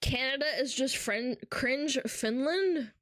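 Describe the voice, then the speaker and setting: A woman's voice: high voice, slow, a bit bright, no room sound, clean studio sound. A woman streamer chatting casually and reading out live comments, playful and teasing with frequent giggles, talking from her home setup.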